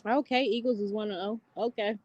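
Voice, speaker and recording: A woman's voice: medium pitch, steady tone, brisk, darkish tone, no echo. Woman guest asking confused questions, kinda muffled and away from the mic. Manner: asks plain, puzzled questions. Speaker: podcast guest. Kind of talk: casual podcast chat.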